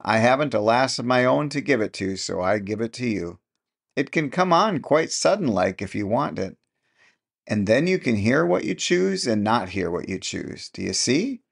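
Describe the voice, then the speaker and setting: A man's voice: mid-range voice, big pitch swings, moderate pace, vocal fry, husky, full character voice. A man voicing a sly old countrywoman who has long pretended to be deaf, speaking in a rustic dialect with a knowing chuckle. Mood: conspiratorial.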